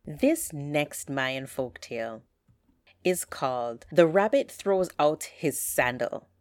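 A woman storyteller telling folktales aloud with an expressive, drawn-out delivery. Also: low voice, no echo, studio quality.

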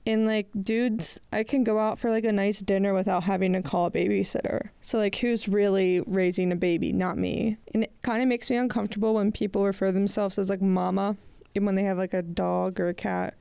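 Raspy young woman with a head cold. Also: medium pitch, flat delivery, fairly quick, warm tone, no room sound, studio quality. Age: 20s. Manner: rambling, chatty, frequent "like" fillers, laughs often. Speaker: podcast host. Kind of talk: casual solo podcast chat.

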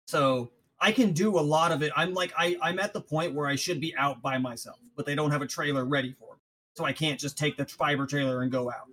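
A man, co-hosting a podcast, telling profane stories fast and with many restarts. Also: fairly high pitch, fairly bright tone, poor audio. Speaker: podcast co-host. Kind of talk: casual chat.

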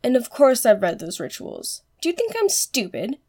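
A woman's voice: on the high side, huge pitch swings, normal speed, darkish tone. A woman voicing a haughty, proud young girl heiress with scornful, sulky retorts in a fan audiobook reading.

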